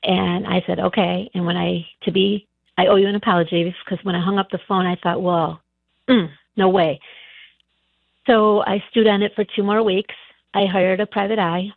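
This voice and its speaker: A woman's voice: mid-range voice, fairly even intonation, moderate pace, gravelly, no echo. A middle-aged woman calling in on the phone to a radio show, telling her story hesitantly with many restarts. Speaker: caller. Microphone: telephone. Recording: tinny phone line.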